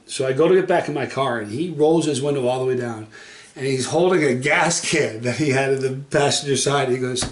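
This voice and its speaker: A man's voice: medium pitch, fairly quick, reverberant. A man telling a personal story to camera in a casual, rambling way, often correcting himself mid-sentence. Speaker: hot sauce reviewer telling a personal story.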